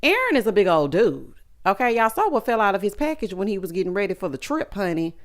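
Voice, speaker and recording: A woman's voice: medium pitch, sing-song, quick pace. A woman with a Southern US accent, recapping a reality show in a sassy, chatty way with asides to her viewers. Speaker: recap vlogger.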